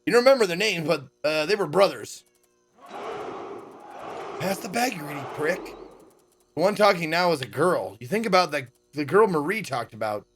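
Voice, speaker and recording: A man reading a visual novel aloud on stream, his fairly high voice swinging widely in pitch. He is sarcastic and swears freely, with faint music playing behind him. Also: lively intonation, fast talker, hardly any pauses, fairly bright tone, some chatter behind. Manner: sarcastic, swears freely, acts out quoted lines with pitch jumps.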